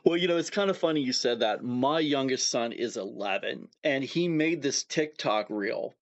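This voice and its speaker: A middle-aged man hosting a podcast, telling a relaxed, easygoing story in casual conversation. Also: medium pitch, moderate pace, lo-fi sound. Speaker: podcast host.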